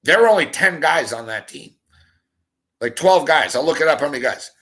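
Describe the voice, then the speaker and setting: A man's voice: fairly high pitch, expressive, normal speed, a bit bright. Profane rambling man telling a story. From Montreal area, Canada. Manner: profane, rambling, repeats himself. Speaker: show host. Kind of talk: casual storytelling rant.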